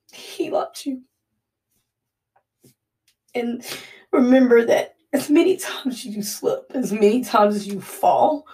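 A woman giving a heartfelt spoken devotional in an earnest, halting, emotional way. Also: a little high, a little mellow, distant mic. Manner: Southern-style "y'all". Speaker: devotional speaker.

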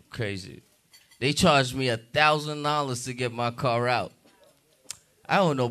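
A male stand-up comedian works a club crowd, joking loosely and chatting with people at the tables. His voice is high and bright, and he delivers each line at an unhurried pace.

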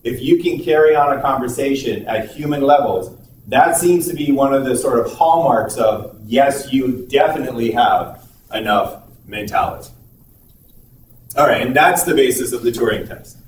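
Man lecturing in an echoey classroom. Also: mid-range voice. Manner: conversational, acts out little dialogues with quick asides. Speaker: university lecturer. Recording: echoey room, picked up from a distance with faint noise.

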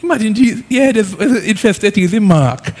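A man with an Antiguan accent preaching a sermon as a pastor, lively and conversational, with Caribbean phrasing. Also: high voice, quick pace, husky. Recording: long hall reverb.

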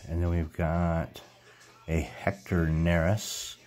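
Man, middle-aged, deep voice, slow easygoing delivery, casual card-opening chat, reads names in a steady stream. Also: soft background music. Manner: reads player names one after another, trips over names and corrects himself. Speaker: card collecting YouTuber.

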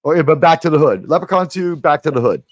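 A man's voice: on the high side, animated, fast, no room sound. Man from New York, stream host, casual movie chat, rambling, restarts, swears, dry close sound. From New York City.

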